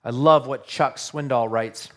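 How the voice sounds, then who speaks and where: A man's voice: medium pitch, unhurried, a bit bright. A man preaching a sermon to his congregation in an earnest, conversational way, often asking rhetorical questions. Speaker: pastor.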